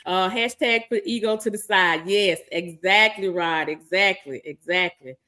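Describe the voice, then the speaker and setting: Bright-voiced woman reading out live chat. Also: medium pitch, measured pace. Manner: lively, laughs often, reads chat aloud with warm greetings. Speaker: co-host of a live-streamed talk show. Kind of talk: casual live-stream chat, reading out viewer comments.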